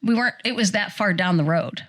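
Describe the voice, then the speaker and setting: A woman co-hosting a podcast, telling a funny story in a casual chat and acting out the quotes with big jumps in pitch. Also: a little fast, a bit bright. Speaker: podcast co-host.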